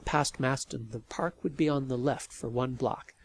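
A man narrating a novel in an expressive storytelling manner. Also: medium pitch, normal speed. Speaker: audiobook narrator. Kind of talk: scripted narration.

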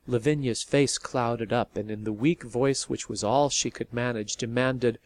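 Man, storybook reading, slow pace, steady, measured. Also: medium pitch. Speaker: narrator.

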